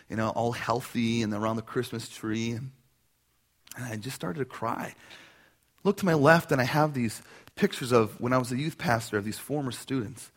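A male pastor delivers a sermon as an animated personal story, slipping into the voices of the people he quotes. His voice is husky and carries a forceful, tense edge. He keeps his pitch around the middle for a man.

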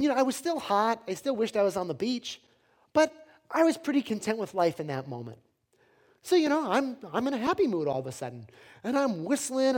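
A man preaching a sermon, telling a personal story with self-deprecating humor. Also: sits high.

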